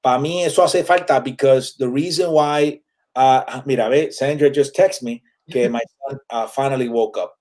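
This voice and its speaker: A Puerto Rican-accented man in his forties, a comedian appearing as a guest, chats casually in an interview, moving freely between English and Spanish with lots of fillers. His medium-pitched voice is slightly slow and somewhat dark in tone.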